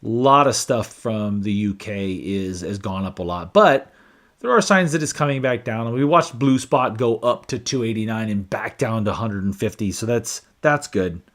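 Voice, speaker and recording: A man's voice: lowish voice, normal speed, fairly bright tone. A man hosting a casual live stream about whiskey, chatting with viewers and reading their comments aloud with frequent restarts. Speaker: whiskey channel host.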